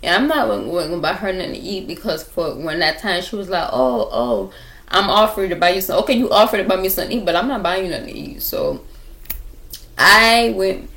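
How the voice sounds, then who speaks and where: A woman's voice: on the low side, animated, fast, sharp tone. A young woman telling a rambling story to her viewers in a casual chat, repeating herself and talking straight to them, recorded on a laptop at home. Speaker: vlogger telling stories.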